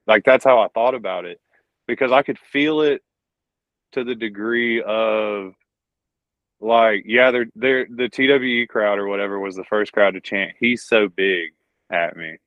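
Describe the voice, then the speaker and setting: Southern male wrestler, low voice, casual and profane interview talk, lo-fi dry recording. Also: a little slow, no echo. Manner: profane, rambling, says "dude" and "bro". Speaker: pro wrestler guest. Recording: dull lo-fi dry audio.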